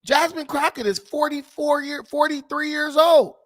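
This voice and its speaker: A man's voice: very high-pitched, steady tone, moderate pace. A man hosting a political commentary vlog, talking in mocking, scornful asides. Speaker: commentary host.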